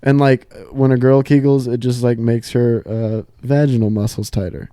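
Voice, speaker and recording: A man's voice: medium pitch, fairly even intonation, normal speed, dark tone, clean tone, no echo, clean studio sound. A young man co-hosting a podcast, teasing his friend with crude jokes and giggling as he pushes them further. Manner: teasing, giggly, keeps pushing the joke. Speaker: podcast co-host. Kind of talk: casual crude banter.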